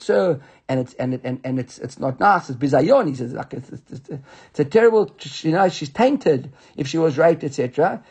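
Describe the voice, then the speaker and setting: A man with a fairly high, husky voice leads a Talmud study class. He reads the text aloud and then explains it, stumbling and repeating himself as he thinks things through. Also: a little mellow. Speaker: Talmud teacher.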